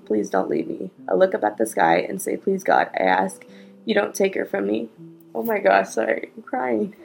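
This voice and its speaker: A woman hosting a podcast, reading a listener's story aloud and breaking off now and then to react in hushed asides. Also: lowish voice, vocal fry, low-quality recording. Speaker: podcast host.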